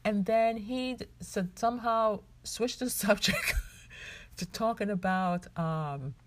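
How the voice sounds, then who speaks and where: A woman's voice: medium pitch, slow pace. A woman from the Caribbean islands hosting her own podcast, telling a story in a chatty, rambling way with many ums and asides to her listeners. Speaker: podcast host. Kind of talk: casual solo podcast storytelling.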